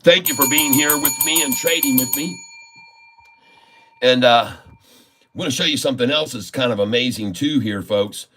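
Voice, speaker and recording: A man's voice: medium pitch, normal speed, pauses often, noisy background. Effusive, folksy male trading streamer. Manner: laughs often while talking. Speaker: stock trading live-streamer. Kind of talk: live-stream trading commentary.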